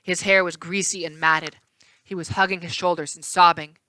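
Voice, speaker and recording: A woman reading a novel aloud in first person, expressive, with the odd slip and restart. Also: fairly low pitch, moderate pace. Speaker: read-aloud narrator.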